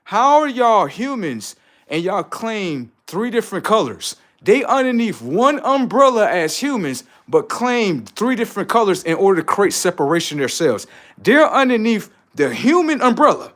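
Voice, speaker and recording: A man with rants on his livestream in a profane, preachy monologue. His voice sits a little high and swings widely in pitch. He climbs from low muttering to near-shouts as he hammers his points home. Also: very animated, moderate pace. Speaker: livestream host. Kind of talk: unscripted livestream rant.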